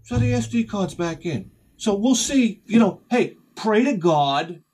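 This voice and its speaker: Animated husky-voiced man telling stories. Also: high voice, unhurried, soft background music. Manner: animated storyteller who acts out conversations in sharp bursts. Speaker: retro game channel host. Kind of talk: rambling storytelling vlog.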